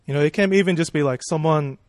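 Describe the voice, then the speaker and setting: A man's voice: a little high, quick pace, a little mellow, no room sound, studio quality. A man preaching a sermon in a casual, conversational way, asking rhetorical questions and checking in with "right?" and "you know".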